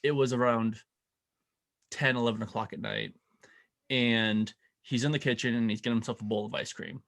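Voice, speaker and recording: A man co-hosting a casual podcast, telling a story and acting out the people in it with lively quoted voices. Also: medium pitch, normal speed, vocal fry. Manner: animated, acts out quoted voices. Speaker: podcast co-host.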